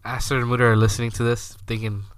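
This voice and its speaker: A man's voice: mid-range voice, flat delivery, quick pace, no room sound. A young man co-hosting a podcast in casual chat, teasing and laughing often. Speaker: podcast co-host.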